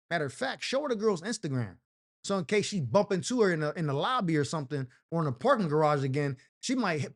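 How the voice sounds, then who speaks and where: A man hosting a comedic advice show, reading letters aloud and answering them in a loose, slangy storytelling style, acting out the quoted voices. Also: sits high.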